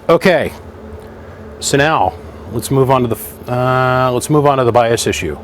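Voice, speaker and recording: A man's voice: medium pitch, animated, normal speed, slight background noise. A man in his home workshop, talking through radio gear in a folksy, chatty way and thinking aloud as he explains. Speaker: radio equipment hobbyist. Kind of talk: casual workshop vlog.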